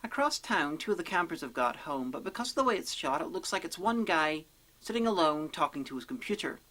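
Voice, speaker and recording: Brief: a deadpan, profane woman narrating a comedic film review, slightly low-pitched. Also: a little fast.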